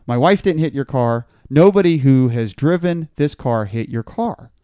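A man's voice: mid-range voice, lively intonation, moderate pace, warm tone, no echo. Stammering man telling a long story. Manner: rambling, stammering, repeats words. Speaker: podcast host. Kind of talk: casual chat, storytelling.

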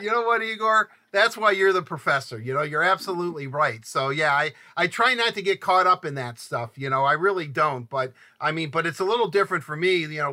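An older man from Southeast Michigan hosting an interview, talking in halting, rambling sentences full of restarts. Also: on the high side, pushed and bright. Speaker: podcast host. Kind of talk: conversational interview.

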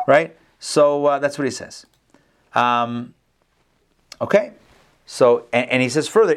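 A man teaching an online class, telling stories with lively acted-out voices over a video call. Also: mid-range voice, normal speed, pauses often. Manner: animated storyteller, acts out the characters. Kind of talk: casual lecture with storytelling.

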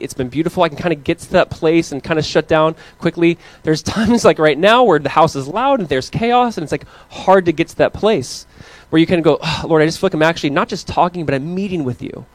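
Male pastor, 30s, conversational sermon, animated storyteller, slightly high voice, dry close mic. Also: no room sound.

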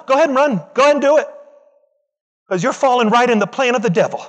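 A man's voice: extremely high pitch, expressive, quick pace, pauses often. A man preaching a sermon with passion, driving points home through rhythmic repetition and calling out to the congregation. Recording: long reverb in a large hall.

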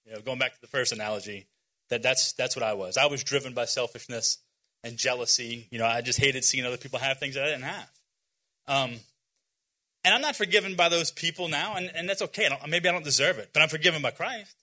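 With a quick pace and a pushed, bright mid-range voice, this man in his forties preaches informally and earnestly to a young audience. He is a youth speaker who stumbles through many fillers and restarts and occasionally jokes at his own expense.

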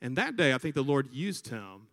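A man from Alabama with a Southern American accent, a priest preaching a sermon and telling stories with lively crowd imitations. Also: mid-range voice, normal speed, in a large hall. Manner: animated storyteller, imitates crowds. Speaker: priest, vocation director. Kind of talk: sermon with storytelling.

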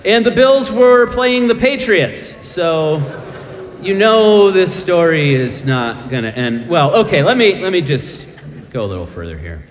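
A man's voice: sits high, big pitch swings, unhurried, in a large hall, a little hiss or hum. A middle-aged man preaching a sermon as pastor, telling self-deprecating stories with humor.

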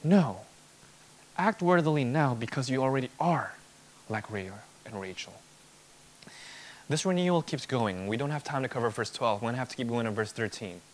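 A man's voice: medium pitch, lively intonation, normal speed. A man preaching an expository sermon, emphatic, building points through rhetorical repetition.

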